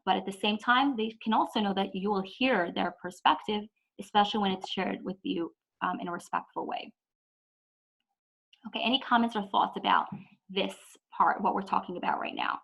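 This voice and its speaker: A woman's voice: medium pitch, moderate pace, gravelly, fairly bright tone, slightly rough, low-quality recording. Chatty woman teaching a parenting class. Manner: chatty, says "like" a lot, acts out whiny kids. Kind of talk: online parenting lesson.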